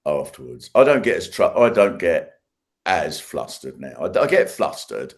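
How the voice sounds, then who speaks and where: Deep, animated man. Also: moderate pace. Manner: animated storyteller, laughing, trailing restarts. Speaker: guest. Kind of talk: casual chat.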